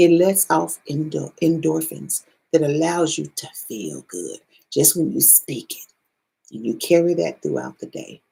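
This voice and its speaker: A woman's voice: low voice, gravelly, dark tone, husky, low-quality recording. A woman giving a casual spiritual card reading to her viewers in a loose, salty, chatty way.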